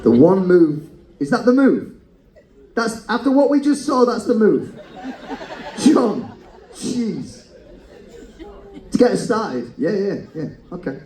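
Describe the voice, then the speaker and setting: A man runs a cheeky live game show, firing off teasing banter between bursts of laughter. His voice sits slightly high and swings widely in pitch. The sound bounces around an echoey room, with the faint murmur of a crowd behind him. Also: very animated, takes it slowly, pauses often, a little mellow, slight background noise. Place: cruise ship show lounge.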